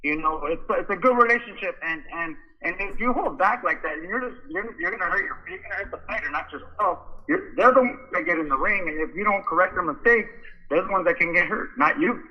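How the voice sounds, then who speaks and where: A man's voice: high voice, brisk, dull audio. A man, a boxing coach, talking casually in a podcast interview and rambling through stories with frequent restarts.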